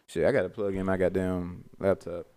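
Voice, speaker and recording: A man co-hosting a podcast, blunt and animated in casual banter. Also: sits low, fairly quick. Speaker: podcast co-host.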